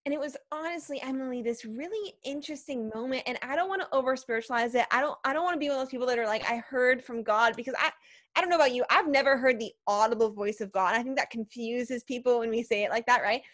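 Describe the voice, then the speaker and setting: A woman guest on a faith podcast, telling her story in a lively way, acting out her past thoughts and often asking 'right?'. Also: a little high, fast talker, no echo, clean studio sound. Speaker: podcast guest, preacher and speaker.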